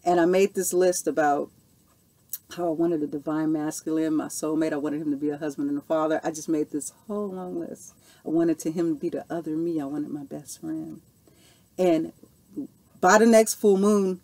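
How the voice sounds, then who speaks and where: An earnest woman in her forties with a slightly low voice. She answers viewer questions through her own personal story, in a loose, heartfelt vlog manner full of "okay" and "you know". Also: normal speed, warm tone. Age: 40s. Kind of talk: casual Q&A monologue.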